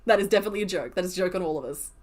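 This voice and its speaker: A woman's voice: lowish voice, lively intonation, rapid-fire. A woman, chatting casually on a live stream while she crochets, answering viewers and teasing herself. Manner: chatty, self-deprecating, answers chat questions.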